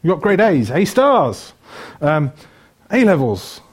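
Slow and husky, this middle-aged Welshman's voice sits on the high side and swings widely in pitch. He preaches conversationally, joking and listing things with frequent ums.

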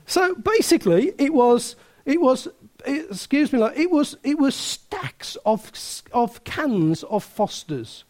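A man preaching a sermon, telling a story with many restarts and laughter, then turning quieter and earnest. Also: extremely high pitch, sing-song, slow. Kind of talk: sermon with anecdote.

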